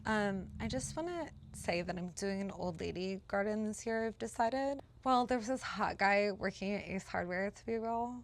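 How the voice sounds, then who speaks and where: A woman's voice: medium pitch, lively intonation, moderate pace, hardly any pauses. A woman hosting a casual vlog, talking in a chatty, rambling, self-deprecating way with some swearing, over music. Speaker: podcast host. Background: background music.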